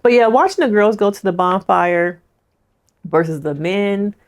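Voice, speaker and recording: A woman's voice: medium pitch, unhurried. A woman therapist giving a casual, chatty recap of a reality show and talking straight to her viewers. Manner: chatty, addresses viewers directly. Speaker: licensed therapist.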